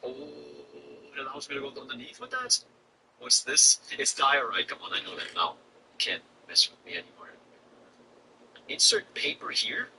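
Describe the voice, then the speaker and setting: A man streaming a block-building game, thinking aloud and reacting with excitement to what he finds. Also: mid-range voice, moderate pace, gravelly, distant mic, background noise. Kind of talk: live gameplay commentary.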